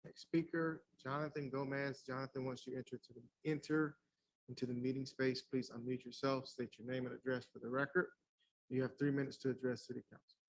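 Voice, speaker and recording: A man's voice: medium pitch, level tone, a little fast, poor audio. A man acting as meeting clerk, calling speakers and reading procedure in a routine, businesslike way. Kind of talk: procedural announcements.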